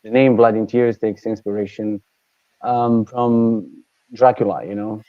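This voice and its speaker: A man's voice: on the low side, fairly even intonation, unhurried, no echo, muffled recording. A man from Italy talking as a band guest in a casual interview, hesitant with many fillers and easy laughs.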